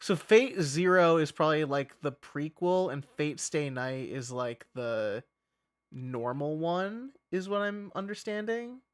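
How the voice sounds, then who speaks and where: Slow, profane male streamer chatting. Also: on the high side, smooth. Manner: rambling, profane, laughs often. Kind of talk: casual livestream chat.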